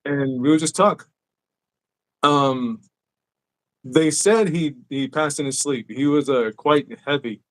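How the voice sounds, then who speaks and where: A man's voice: fairly high pitch, slow pace, pauses often. A man hosting a podcast, telling stories in a casual, profane way. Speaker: podcast host. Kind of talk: casual chat.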